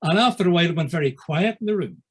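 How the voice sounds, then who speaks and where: Husky older man with a Belfast accent. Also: on the high side, animated, rapid-fire. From East Belfast, Northern Ireland. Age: 60s. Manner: wry storyteller, acts out old conversations. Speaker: interviewee. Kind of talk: anecdotal storytelling.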